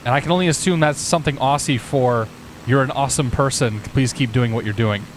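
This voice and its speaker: A man's voice: medium pitch, a little fast, a little hiss or hum, low-quality recording. A man streaming a flight simulator, chatting casually with viewers and thinking aloud.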